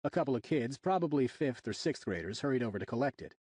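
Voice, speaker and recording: Expressive male audiobook narrator, husky. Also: medium pitch, quick pace, no room sound. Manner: wry, expressive storytelling. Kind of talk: first-person audiobook narration.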